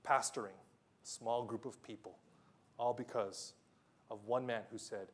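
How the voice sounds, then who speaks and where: Male pastor, sermon delivery, unhurried, earnest storyteller. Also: mid-range voice, steady tone. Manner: earnest storytelling, slows for emphasis, voice drops soft on key lines.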